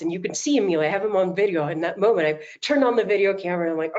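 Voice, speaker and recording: A middle-aged woman coach giving an animated motivational talk, telling stories and acting out quotes, over a video call. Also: medium pitch, fast talker, muffled recording. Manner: animated storytelling, acts out quotes.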